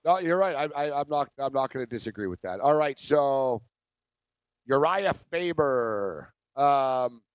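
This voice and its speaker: A man hosting sports radio, telling stories in a casual, animated way with quick asides. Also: mid-range voice, clear, resonant tone, no echo. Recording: dry, dull lo-fi studio audio.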